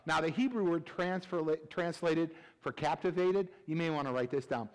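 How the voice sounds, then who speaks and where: A middle-aged male pastor preaching a humorous sermon, animated and joking, swinging between loud bursts and hushed asides. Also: fairly high pitch, normal speed, hardly any pauses. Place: church sanctuary. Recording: reverberant church hall.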